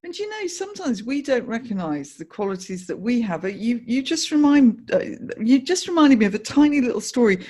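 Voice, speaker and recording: A middle-aged woman hosting a podcast in a loose, chatty way. Her voice sits a little high, and she stops and restarts her sentences with plenty of fillers. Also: big pitch swings, brisk, hardly any pauses, dark tone. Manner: chatty, many fillers and restarts, laughs often. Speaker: podcast host. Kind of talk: casual interview chat.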